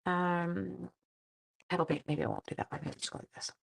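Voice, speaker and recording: A middle-aged woman talks casually through a crafting demo at her desk. Her voice sits low with a gravelly fry. She jokes about herself and drifts into quiet mutters as she concentrates. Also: racing. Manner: chatty, self-deprecating, drops to quiet mutters while working. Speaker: craft livestream host.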